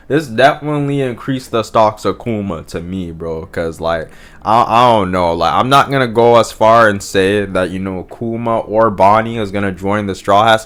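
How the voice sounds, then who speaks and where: A man's voice: lowish voice, a bit bright. Slangy, rambling young man. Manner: slangy and profane, rambling with many fillers and restarts. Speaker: manga reaction vlogger. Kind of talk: casual commentary.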